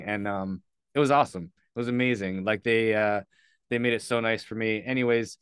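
A man's voice: on the low side, fairly even intonation, a little fast, a bit bright, clean tone, dry recording, clean studio sound. A man, a podcast guest, telling a story candidly and earnestly, loosely and with casual swearing.

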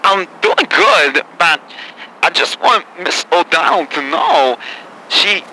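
A deadpan male film actor with a high, lively, bright voice, put on by a man, breaking his sentences into odd halting pieces. Faint noise hangs underneath. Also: full character voice, rough recording. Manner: halting, oddly paced phrasing. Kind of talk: improvised comedy impression.

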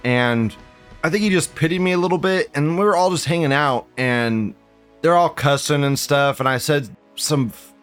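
A man's voice: on the high side, moderate pace, fairly bright tone, clean tone, soft background music. Profane rambling male stream host. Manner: profane, rambling, repeats himself. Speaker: livestream show host. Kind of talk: casual ranting monologue.

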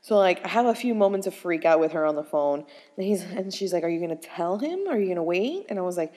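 A woman's voice: on the low side, quick pace, long reverb tail. Chatty young woman telling a story. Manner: chatty, animated, laughs often, lots of "like". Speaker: vlogger. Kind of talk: casual storytelling to viewers.

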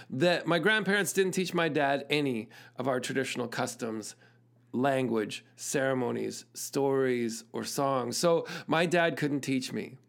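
A man hosting his own show, telling a personal story in an earnest, thoughtful way and laughing at himself now and then. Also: medium pitch. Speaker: podcast host and musician. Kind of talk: reflective storytelling monologue.

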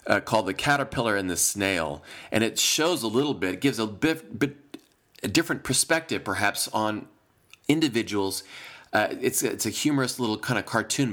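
A male pastor gives a reflective, earnest sermon in a low voice. His pitch rises and falls with lively swings as he speaks. He often circles back and restarts his phrases.

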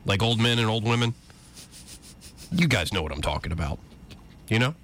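A man's voice: lowish voice, sing-song, moderate pace, fairly bright tone, a little hiss or hum. A man hosting a political talk radio show, blunt, joking and opinionated.

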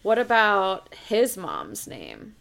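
A woman's voice: medium pitch, wildly swooping pitch, slow, creaky, fairly bright tone. A woman co-hosting a casual chat, talking in a chatty, wry, easygoing way.

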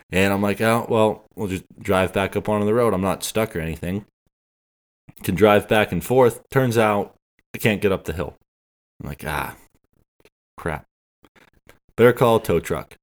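A man with a fairly low voice tells a long story in casual podcast chat. He rambles along and acts out each exchange he remembers, speaking into a podcast microphone. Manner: rambling, acts out quoted dialogue.

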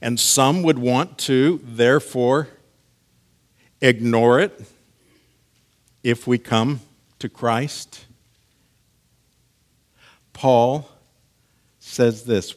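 A pastor delivering a sermon at an unhurried, deliberate pace. His voice sits in a middling male register, dropping quiet for reflection and rising firm to stress a point. He teaches carefully, the way he would explain scripture to a congregation. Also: mid-range voice. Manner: measured teaching, swings from hushed to emphatic.

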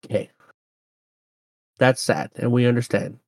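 A man's voice: medium pitch, steady tone, a little slow, no room sound. A man co-hosting a gaming podcast, reading a listener's email aloud with dry, teasing asides. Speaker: podcast co-host.

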